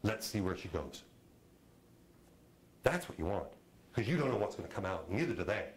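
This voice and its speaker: A middle-aged man teaching a film directing class, talking in a lively, conversational way and acting out quotes. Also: lowish voice, moderate pace, low-quality recording. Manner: animated, conversational, acts out quotes. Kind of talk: lecture to a class.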